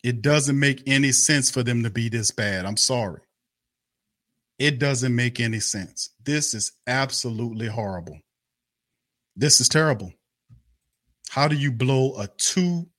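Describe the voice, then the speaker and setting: A man's voice: medium pitch, a little slow, pauses often, fairly bright tone, no echo, clean studio sound. A man hosting a fan live stream, ranting in a heated, repetitive, cursing and scornful way. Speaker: sports fan show host. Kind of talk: angry live-stream rant.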